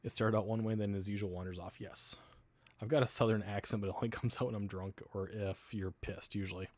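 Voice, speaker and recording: A man's voice: on the low side, steady tone, brisk, a little mellow, dry recording. A man hosting a casual livestream, rambling between topics while answering viewer comments and laughing often. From US South. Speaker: livestream host.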